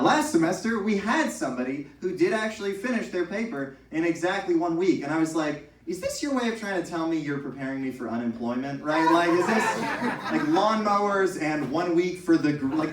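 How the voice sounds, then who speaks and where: A young man performing a stand-up set, telling stories animatedly with exaggerated impressions of his professors. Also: fairly high pitch. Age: young adult. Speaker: stand-up comedian. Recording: echoey room, from far off.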